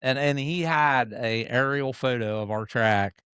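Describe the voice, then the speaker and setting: A middle-aged man, a motocross racer and podcast guest, telling stories in a casual, animated way that acts out other people and often restarts sentences. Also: mid-range voice, measured pace, smooth, dry recording, clean studio sound. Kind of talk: casual storytelling.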